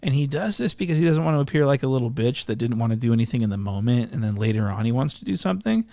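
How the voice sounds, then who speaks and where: A man narrating over clips, tearing into the subject with scorn and crude insults. He speaks with a steady, deliberate delivery at a middle pitch. The recording is dry with no room echo. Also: creaky. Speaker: commentator. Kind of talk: mocking commentary over clips.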